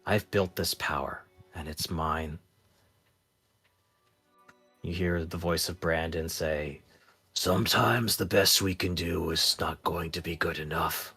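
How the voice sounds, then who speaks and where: A man narrating as game master of a tabletop role-playing game, speaking in a hushed, measured way. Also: fairly even intonation, breathy edge, soft background music. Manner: slow, low and hushed when narrating, livelier in banter.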